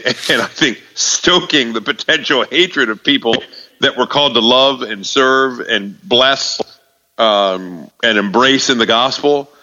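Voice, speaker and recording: Man with halting speech in a muffled hall. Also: mid-range voice, bright, forceful tone. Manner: halting, many fillers and restarts. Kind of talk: casual conversation about faith. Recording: distant hall echo, muffled sound.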